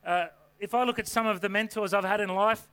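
A man preaching a sermon to a congregation from a church stage, with an energetic, folksy delivery full of rhetorical questions. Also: sits high, fairly quick, clean tone. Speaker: pastor.

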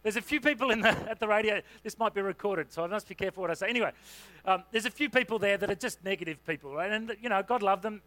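A man's voice: sits high, fast talker, few pauses, sharp tone. A man preaching a sermon in a conversational, humorous way, with asides and fillers. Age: adult parent.

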